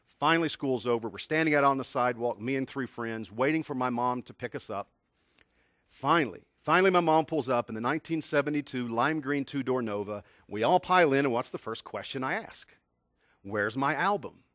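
A man's voice: medium pitch, brisk, fairly bright tone, dry recording, studio quality. A man in his fifties from Tennessee gives a motivational talk on communication. He tells a personal story with energy and poses questions to the audience. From Tennessee, USA. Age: 50s. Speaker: communication skills speaker.

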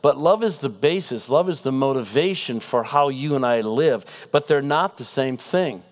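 Animated man preaching a guest sermon. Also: mid-range voice, normal speed. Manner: animated, asks the audience rhetorical questions. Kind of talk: conversational sermon.

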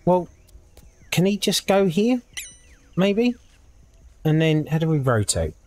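Lively man chatting through a game. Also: a little high, slow. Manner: chatty, thinks aloud, reads game text out. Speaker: gaming video creator. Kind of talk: casual let's-play commentary.

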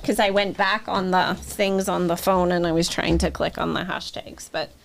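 A woman co-host chats and tells meandering stories in a relaxed podcast conversation. Her voice sits fairly low, with a gravelly, creaky edge. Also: moderate pace. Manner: chatty, rambling storyteller. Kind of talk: casual chat. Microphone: studio podcast mic.

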